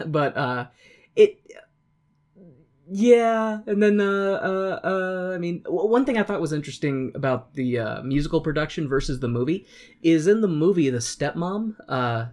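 A woman's voice: sits low, animated, moderate pace, a little mellow. A woman co-hosting a casual podcast chat, talking in a chatty way, laughing often and swearing now and then. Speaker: podcast co-host. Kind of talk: casual chat reviewing a musical.

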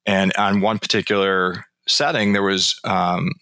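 A man's voice: low voice, little pitch movement, unhurried, bright, forceful tone, no room sound. A man being interviewed about his book, explaining research and telling anecdotes in a conversational way. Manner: storytelling, explanatory, frequent restarts.

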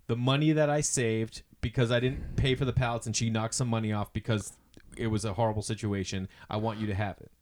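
A man telling a story in casual chat, acting out the people in it with sudden loud, swearing outbursts. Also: lowish voice, steady tone, fairly quick, few pauses, a little hiss or hum. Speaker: podcast co-host.

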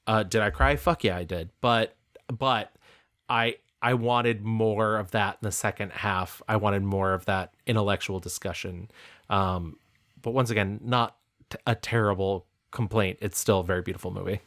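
A man with a fairly low voice talks casually on a film podcast. He weighs his points thoughtfully and delivers measured critique. He speaks as a regular co-host of the show. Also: steady tone, fairly bright tone. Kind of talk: casual film review chat.

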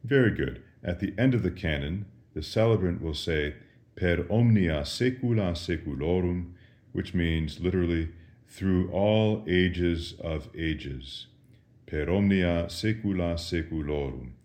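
A man, a priest, patiently teaching Latin responses in a slow lesson, pausing for the listener to answer each question. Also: deep voice, lively intonation, darkish tone. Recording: roomy echo.

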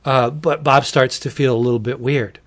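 A man's voice: medium pitch, moderate pace. A man chatting casually as a podcast host, animatedly retelling a wacky horror comic and acting out its quotes. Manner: animated storyteller, acts out quotes, says wackadoodle.

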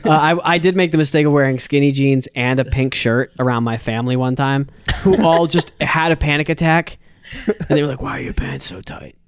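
A man's voice: fairly high pitch, fairly quick, smooth, no echo, studio quality. A man chatting casually on a podcast, swearing often and laughing through his jokes. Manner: profane, joking, laughs through his lines. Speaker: podcast co-host. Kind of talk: casual chat.

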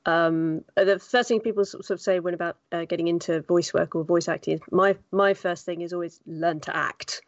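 A woman's voice: on the low side, steady tone, fairly quick, hardly any pauses, dry recording. Chatty woman, dull dry recording. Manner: chatty storytelling, acts out quoted voices. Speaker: guest voice actor. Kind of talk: casual podcast chat.

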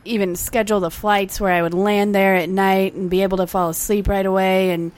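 A woman co-hosting a podcast, chatting casually with dry, deadpan quips. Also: mid-range voice, a little fast, clean tone. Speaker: podcast co-host. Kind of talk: casual chat.

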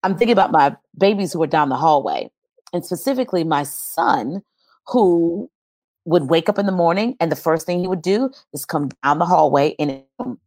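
A woman with a low-pitched voice recounts a personal experience in an earnest, storytelling way. The sound is dry and close, with no room around it. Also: expressive, normal speed, a little mellow, no echo. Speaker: guest. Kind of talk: personal testimony in an interview.

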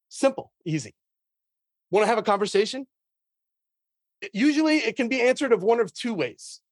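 A man's voice: very high-pitched, sing-song, moderate pace, long pauses, no room sound, studio quality. A man who hosts a sales show, talking energetically in an interview, laughing often and acting out his cold-call lines. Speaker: sales podcast host and guest. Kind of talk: conversational interview.

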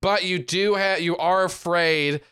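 A man's voice: sits high, fairly even intonation, unhurried, fairly bright tone, clean tone. A man narrating as game master in a tabletop game, rambling with lots of fillers.

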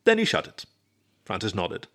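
A man reading a story aloud as narrator in a steady storybook manner. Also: fairly low pitch, moderate pace. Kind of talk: scripted narration.

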